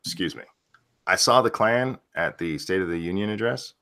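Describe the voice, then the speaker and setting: Male host, low register, irreverent banter with quick jokes. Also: bright, forceful tone. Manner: joking, irreverent, quick asides. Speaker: stream host. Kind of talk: casual chat on a live stream.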